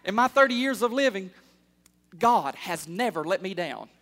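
A man in his thirties preaching a sermon as pastor, calling out for amens and building from quiet asides to fervent shouts. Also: high-pitched, animated, moderate pace. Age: 30s. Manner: call-and-response preaching, building to loud fervor.

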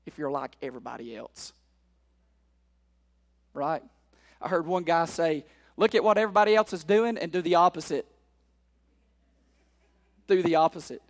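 A man preaching a sermon, repeating phrases and asking the congregation questions, building up to shouted exhortations. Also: a little high, in a large hall. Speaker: pastor.

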